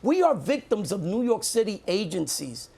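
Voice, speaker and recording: Indignant man with a gravelly voice. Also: high-pitched, sing-song, normal speed, background noise. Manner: emphatic, indignant, repeats points. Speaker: mayoral candidate. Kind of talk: live TV debate. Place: TV studio.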